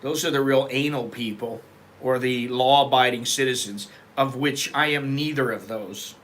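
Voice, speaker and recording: An American host in middle age leads a loose, meandering conversation, speaking candidly with plenty of digressions and restarts. His mid-range voice is steady in tone, moderately paced and slightly bright, with a little background noise.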